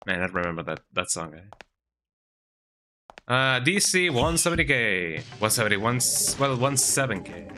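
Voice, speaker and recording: At a computer at home, a man gives casual, rambling commentary on the video game he's streaming, ending sentences with "eh?". His medium-pitched voice swings widely in pitch at normal speed, with long pauses, and music plays in the background.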